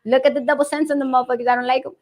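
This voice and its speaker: High-voiced woman telling lively stories. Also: racing, crowd noise. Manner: animated storyteller, laughs often, swears freely. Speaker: parent guest in a chat. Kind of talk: casual chat.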